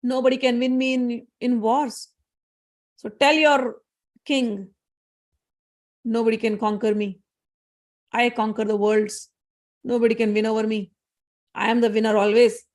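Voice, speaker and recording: A woman voicing a proud warrior goddess who makes slow, emphatic declarations of her own power. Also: fairly high pitch, level tone, darkish tone, lightly acted.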